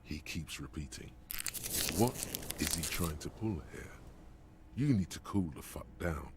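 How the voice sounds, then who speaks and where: An actor voicing an ominous inner voice that narrates a video game character's thoughts, grave, taunting and intimate. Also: male voice, very deep voice, lively intonation, a little slow, noisy background, full character voice.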